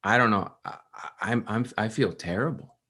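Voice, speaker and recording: A man's voice: lowish voice, normal speed, pushed and bright, breathy edge. A man voicing a flustered young devotee who stammers through apologies.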